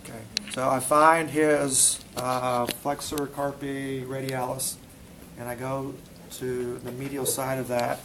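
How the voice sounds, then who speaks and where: A man's voice: medium pitch, flat delivery, slow pace, noisy background. A male instructor teaching a classroom lesson, quizzing students as he demonstrates muscle testing on a volunteer. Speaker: physical therapy instructor.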